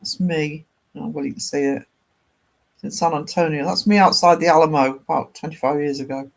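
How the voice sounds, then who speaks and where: A man talks casually on his art livestream. His voice sits slightly high for a man. He chats in a rambling way and reads out viewer comments as he goes. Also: steady tone, fairly quick, vocal fry.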